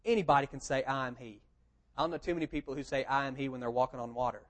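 A man preaching a sermon, telling the story in a lively conversational way and asking rhetorical questions. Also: medium pitch, rapid-fire. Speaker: pastor. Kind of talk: expository sermon.

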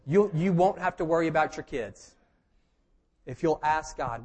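A man's voice: on the high side, lively intonation, normal speed, a little mellow, slightly rough. A man preaching a conversational sermon, joking and emphatic as he teaches. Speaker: pastor.

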